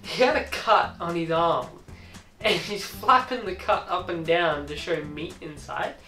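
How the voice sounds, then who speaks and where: Woman storyteller, crude and rambling, distant echoey sound with soft music underneath. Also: lowish voice, measured pace. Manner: crude, rambling, switching into voices. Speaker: vlogger. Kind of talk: casual storytelling. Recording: echoey room, distant mic, faint music.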